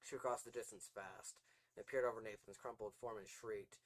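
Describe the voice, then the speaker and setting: A man reading his own novel aloud in a plain, even narrating voice, as podcast host. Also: on the low side, moderate pace, rough recording.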